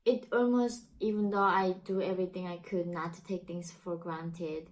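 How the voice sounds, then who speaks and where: A woman's voice: fairly low pitch, level tone, normal speed, darkish tone, poor audio. A woman from North Korea speaking English with a Korean accent and non-native phrasing, giving earnest, impassioned commentary straight to her viewers. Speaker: YouTuber and activist. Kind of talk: direct-to-camera commentary.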